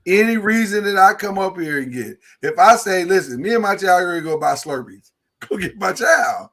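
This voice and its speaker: A man's voice: sits high, moderate pace. A man co-hosting a podcast, telling a story in casual chat and acting out the people in it. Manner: animated storytelling, acts out quotes. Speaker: podcast co-host.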